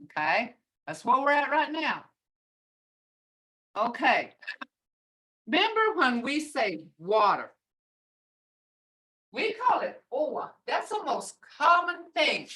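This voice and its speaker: A woman's voice: sits high, sing-song, slow pace, pauses often, bright, forceful tone, far from the mic. An older woman teaching a beginner language class online, patiently repeating words to show how tone changes their meaning. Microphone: video call.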